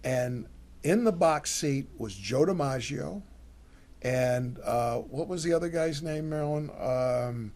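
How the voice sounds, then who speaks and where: A man's voice: medium pitch, slow, darkish tone. An older American man co-hosting a cooking show, chatting casually with lots of fillers and restarts. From United States. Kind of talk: casual chat.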